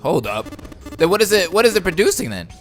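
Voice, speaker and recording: Let's play host, male, excitable, reads game text, game music bed. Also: sits high, fast talker. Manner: excitable, reacting loudly. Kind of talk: gameplay commentary and text reading.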